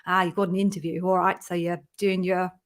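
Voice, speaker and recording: A woman's voice: on the low side, level tone, a little fast, lightly acted. Woman performing a playful mock Australian local. Casual, tongue-in-cheek. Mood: joking. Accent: put-on Australian. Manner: playful, self-mocking put-on accent.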